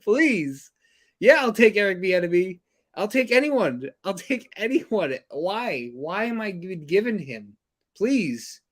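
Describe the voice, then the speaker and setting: A man's voice: sits high, sing-song, unhurried. A man co-hosting a sports podcast, ranting angrily and profanely about his team, with frequent sighs and exasperated outbursts. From New York area. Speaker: podcast co-host. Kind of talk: angry sports rant.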